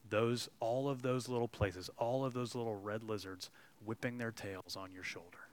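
A man's voice: medium pitch, a bit bright. A man preaching a sermon as a pastor, earnest and storytelling. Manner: earnest, storytelling delivery with some restarts.

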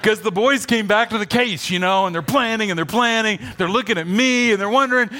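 Animated man preaching. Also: high-pitched, a little fast, a little hiss or hum. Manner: animated storytelling, shifts between loud urging and soft asides. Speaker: pastor. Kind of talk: sermon.

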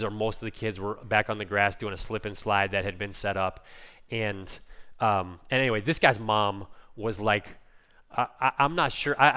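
A male pastor delivering a conversational sermon, telling stories and swinging between loud emphasis and soft quiet passages. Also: on the low side, smooth.

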